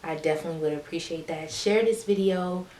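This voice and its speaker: A woman's voice: fairly low pitch, brisk, warm tone, roomy sound, slight background noise. A woman vlogger chatting casually and encouragingly to her viewers as she shows a hair routine. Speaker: beauty vlogger. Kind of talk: casual how-to chat.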